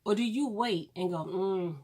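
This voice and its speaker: Woman, vlog rant, husky, emphatic, profane, repeats herself. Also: medium pitch, expressive, normal speed. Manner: blunt and preachy. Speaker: vlogger. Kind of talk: ranting vlog monologue.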